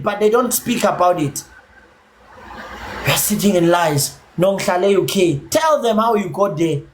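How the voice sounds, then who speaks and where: A man's voice: sits high, slight background noise. A South African man with a Zulu accent, holding forth on his own livestream in a heated rant. He is combative and swears freely. He drops in and out of Zulu mid-sentence as he scolds his viewers. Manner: combative, profane, mixes English with Zulu. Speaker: livestream host.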